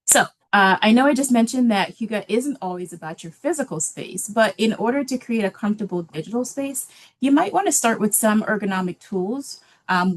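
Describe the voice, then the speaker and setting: A woman presenting a library webinar in a relaxed, casual way, with many filler ums. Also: medium pitch.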